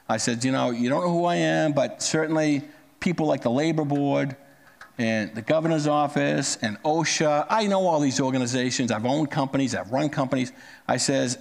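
Gravelly older man telling a story. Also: fairly high pitch, expressive, a little fast. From United States. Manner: plain-spoken, conversational, straightforward. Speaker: speaker telling a personal story. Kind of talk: storytelling talk.

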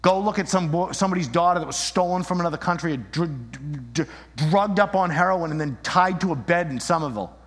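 A man preaching a sermon, animated, acting out little scenes and shifting his voice as he argues. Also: fairly high pitch, a little fast. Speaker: pastor. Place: church. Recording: long reverb in a hall.

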